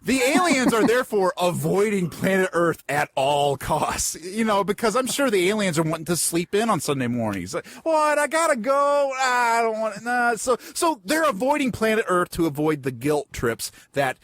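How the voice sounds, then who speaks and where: A man's voice: high voice, very animated, normal speed, few pauses. A man hosting a casual podcast chat, stuttering and repeating words as he talks. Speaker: podcast host.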